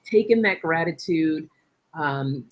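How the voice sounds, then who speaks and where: A woman's voice: deep voice, lively intonation, slow, lo-fi sound. A middle-aged woman hosting a casual live-stream chat, affirming her guest and reading viewer comments aloud. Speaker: host.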